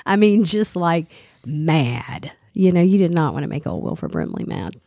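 A woman's voice: low-pitched, big pitch swings, moderate pace, vocal fry, mellow, no room sound, clean studio sound. A middle-aged woman with a Southern US accent, co-hosting a radio show in casual, chatty talk full of fillers and restarts. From American South. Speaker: radio co-host. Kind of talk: casual chat.

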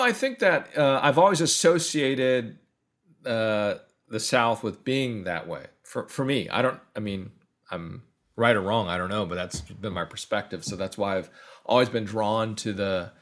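A man's voice: lowish voice, normal speed. A middle-aged man from Northern California, a guest in a casual talk, friendly and full of hesitant restarts. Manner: warm, complimentary, hesitant restarts. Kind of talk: casual conversation.

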